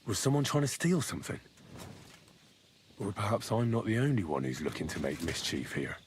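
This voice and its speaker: A wry young protagonist. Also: male voice, fairly low pitch, big pitch swings, a little fast, background noise. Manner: wry, dry, thoughtful. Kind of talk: video game dialogue.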